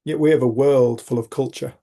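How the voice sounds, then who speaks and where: Gravelly, husky man telling stories. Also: medium pitch, fairly even intonation, a little fast, dark tone. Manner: rambling, frank, swears casually, frequent restarts. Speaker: community group host. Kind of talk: reflective personal storytelling.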